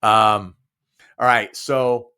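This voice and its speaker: A man's voice: lowish voice, steady tone, drawn-out words, sharp tone, smooth. A man in his sixties hosting his own podcast alone, rambling casually with frequent chuckles and restarts. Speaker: podcast host. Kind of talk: casual solo podcast monologue.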